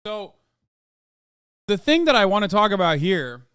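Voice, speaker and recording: A man's voice: sits high, sing-song, unhurried, a bit bright, clear, resonant tone, no echo, clean studio sound. A man streaming, reacting to videos with blunt, profane casual commentary and mocking asides to his chat.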